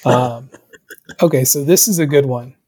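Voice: mid-range voice, normal speed, mellow, slightly rough. A co-host in casual chat, reading out listener questions and hesitating with fillers.

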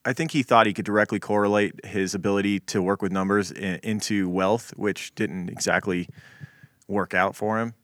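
This podcast co-host talks in a relaxed, meandering way, with plenty of filler words. His voice leans low and a bit bright, with fairly even intonation and a moderate pace, captured in a dry, studio-quality recording.

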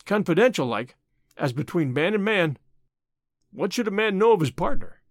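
A man voicing a humble, earnest gold-miner, talking in a slow rustic backwoods drawl. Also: sits high, sing-song, dry recording, studio quality.

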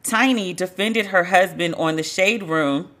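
A woman's voice: on the low side, measured pace, a bit bright. A woman podcast host giving casual, blunt commentary on celebrity news, swearing and joking wryly as she reads. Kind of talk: casual pop culture commentary.

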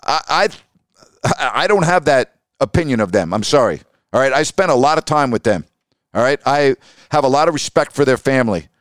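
A middle-aged man hosting a podcast, telling stories in an emphatic, animated way. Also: medium pitch, normal speed, no room sound, studio quality. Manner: emphatic, animated, acts out quoted voices. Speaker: podcast host and sports broadcaster. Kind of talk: storytelling monologue.

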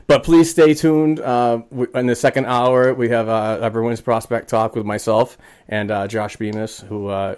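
A man with a slightly low voice hosts a sports podcast in easygoing conversation. He tells stories animatedly and leans on frequent verbal fillers. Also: darkish tone, smooth. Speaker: podcast host. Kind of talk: casual chat.

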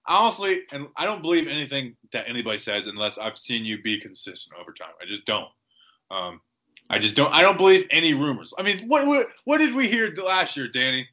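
A man's voice: mid-range voice, bright, forceful tone. A man co-hosting a podcast in casual sports chat, rambling with lots of "like" and restarts. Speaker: podcast co-host.

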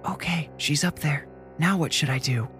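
A man voicing a possessed, vicious little girl in a horror story reading, shrill when she screams. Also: moderate pace, a bit bright, faint music behind, lightly acted. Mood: scheming.

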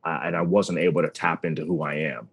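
Talking fast in a rumbling low voice with vocal fry and a breathy edge, a man in his thirties spins casual stories as an interview guest. He works as a wrestling announcer and animatedly performs the voices of people he quotes.

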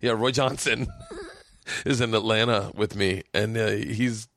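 Animated swearing man telling stories. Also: on the low side, unhurried, a little hiss or hum. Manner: animated, swearing, acts out voices in anecdotes. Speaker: podcast host. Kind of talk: casual chat, storytelling.

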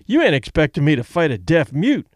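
A swaggering young prizefighter who jokes and mocks his way through a storybook scene, as a man puts him on. His voice sits high and swoops with lively ups and downs. The sound is dry and close. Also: a little fast, no echo. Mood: mocking. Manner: breezy and mocking. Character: brash, cocky young boxer, all joking swagger.

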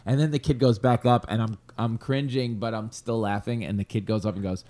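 Comedian co-host, animated storyteller who acts out his characters. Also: fairly low pitch, brisk. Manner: animated anecdote-teller who acts out the people in his stories.

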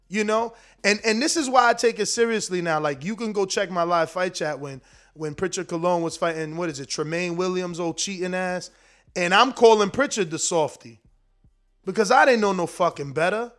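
A man's voice: high voice, a bit bright. A man hosting a boxing livestream, ranting in a heated, profane, slangy way straight to his chat. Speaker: boxing commentator, show host. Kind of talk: casual livestream rant.

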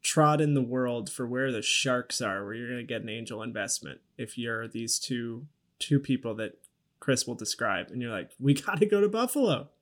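A man co-hosting a casual film podcast, making quick sarcastic quips and animated asides. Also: medium pitch. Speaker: podcast co-host.

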